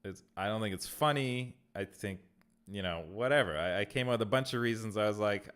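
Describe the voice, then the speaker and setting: This streamer's smooth voice is fairly low yet fairly bright, and he speaks briskly. Casually chatting from home, he reads out viewer messages and answers them with easy laughter between phrases.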